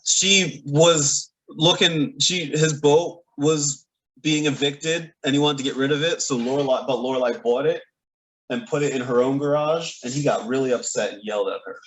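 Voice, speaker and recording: A man giving a casual, opinionated TV episode recap, animated and often laughing between points. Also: mid-range voice, moderate pace, slightly rough, low-quality recording. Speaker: TV recap reviewer. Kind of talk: casual reaction review.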